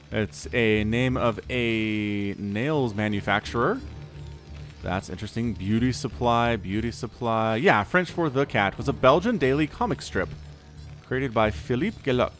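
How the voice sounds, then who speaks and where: A man casting a real-time strategy match with animated commentary and quick excited bursts. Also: mid-range voice. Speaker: StarCraft caster.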